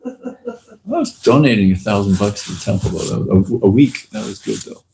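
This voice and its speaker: A man giving a casual talk at a temple, telling lively anecdotes and acting out the people in them. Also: fairly low pitch, normal speed, gravelly, slight background noise, poor audio. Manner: lively anecdotal storyteller, acts out quotes. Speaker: temple speaker.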